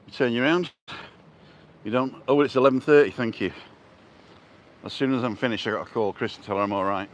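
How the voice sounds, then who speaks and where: A man's voice: mid-range voice, a little fast, a little hiss or hum. An older man live-streaming on a street walk, chatting casually and answering viewers' comments as he goes. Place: outdoors on a street.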